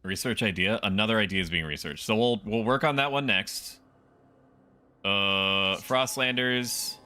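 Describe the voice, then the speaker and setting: A man's voice: on the low side, a little slow, sharp tone. A man streaming a strategy game, joking with chat while he plays. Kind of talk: casual gaming livestream commentary.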